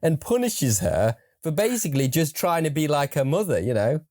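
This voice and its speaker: A man talking over a film on a podcast, his mid-range voice rising and falling a lot. He thinks aloud in halting runs, full of ums, likes and restarts. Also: on the high side, sing-song, warm tone. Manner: thoughtful, halting, lots of fillers. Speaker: podcast co-host. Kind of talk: casual film review chat.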